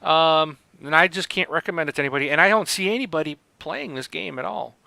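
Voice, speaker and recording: A man's voice: on the high side, fast talker, creaky, pushed and bright, no echo. A man hosting a casual podcast about video games, rambling with many fillers and restarts. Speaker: podcast host.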